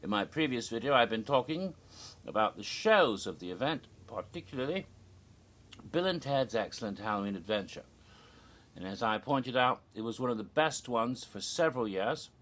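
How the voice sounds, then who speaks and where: A man casually recounting a theme-park show in an animated, gossipy way with giggles. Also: medium pitch, normal speed. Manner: animated, gossipy, giggles at his own jokes. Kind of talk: casual recap narration.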